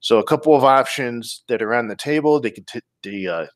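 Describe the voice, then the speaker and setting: Guy hosting a laid-back podcast, lots of uhs, medium pitch. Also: a little fast, no room sound. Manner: relaxed, many ums and restarts. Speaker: podcast host. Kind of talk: casual podcast chat, reading listener comments.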